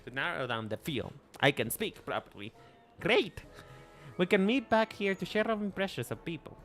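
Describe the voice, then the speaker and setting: A man's voice: fairly high pitch, expressive, moderate pace, a bit bright, voice pushed up. A man reading an eager young adventurer woman. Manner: reading game dialogue aloud with stumbles. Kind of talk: casual dialogue read-along. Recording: faint background music.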